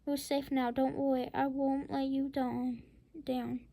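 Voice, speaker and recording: A woman's voice: high voice, flat delivery, unhurried, warm tone. A woman reading as a kind elephant. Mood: reassuring. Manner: reassuring, determined. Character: kind, loyal male elephant.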